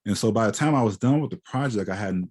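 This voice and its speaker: Husky, lower-voiced male guest lecturer, reflective and conversational. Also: lively intonation, quick pace, a little mellow. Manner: conversational, often ends with "right?". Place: lecture hall.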